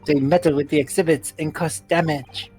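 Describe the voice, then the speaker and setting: A woman's voice: low-pitched, steady tone, moderate pace, dark tone, soft background music, voice pushed down, natural voice. A woman reading as a poised museum proprietor. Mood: composed. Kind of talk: voicing game dialogue.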